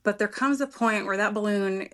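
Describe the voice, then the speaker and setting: A woman's voice: mid-range voice, normal speed, a bit bright. A woman guest on a podcast, telling a personal story in an earnest, emotional way and sometimes searching for her words.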